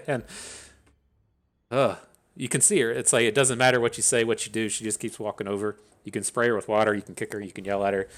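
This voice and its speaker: A man's voice: lowish voice, little pitch movement, brisk. A man thinking aloud as he commentates his own card game, swearing freely and grumbling between plays. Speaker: gameplay commentator. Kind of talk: casual gameplay commentary.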